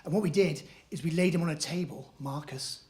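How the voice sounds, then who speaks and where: A man doing stand-up comedy on a club stage, telling stories in an animated way and slipping into voices. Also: on the high side, fairly quick. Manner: animated storytelling, shifting into acted-out voices. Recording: live comedy club with audience laughter.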